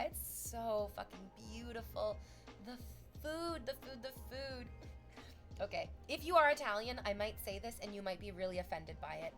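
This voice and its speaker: A young woman streamer from Canada chatting casually with her viewers, telling stories with lively acted-out voices. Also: mid-range voice. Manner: animated storytelling, acts out voices.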